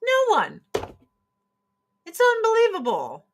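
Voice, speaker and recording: Speaking slowly in a very high-pitched voice with a slight hiss or hum in the audio, this livestream host shows off products while cursing and animatedly mimicking people in mocking tones.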